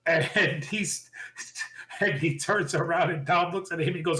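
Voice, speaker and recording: A man co-hosting a podcast, excitedly retelling a wrestling show and acting out quotes with lots of laughter. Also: a little high, measured pace. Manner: excitable storyteller, laughs often, acts out quotes. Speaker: podcast co-host. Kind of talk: casual wrestling recap chat.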